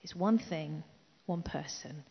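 A middle-aged woman preaching a sermon in an emphatic way, repeating key phrases and dropping into soft asides. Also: sits low, slow, vocal fry, breathy edge. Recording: dull echoey hall recording.

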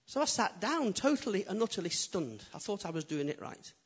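A man preaching a sermon as a pastor, animated and humorous, swinging from loud emphatic lines to quiet intimate ones. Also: sits high, a little fast, husky. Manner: humorous storytelling.

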